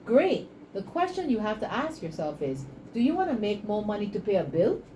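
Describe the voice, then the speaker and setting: A woman, a guest in an interview, telling stories and making her pitch with preachy passion. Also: very animated, normal speed, dark tone, slight background noise, poor audio. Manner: passionate, preachy, acts out dialogue. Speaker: entrepreneur guest.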